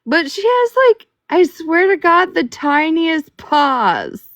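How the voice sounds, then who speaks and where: A woman's voice: very high-pitched, very animated, slow pace, fairly bright tone, no echo. A middle-aged woman, a livestream host, telling pet stories in casual, profane chat with lots of "like" and "right?".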